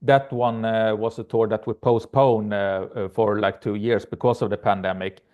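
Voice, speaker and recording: A man, a band's guitarist and lead singer, answering interview questions in English with many pauses. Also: lowish voice, steady tone, narrow, tinny audio. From Sweden.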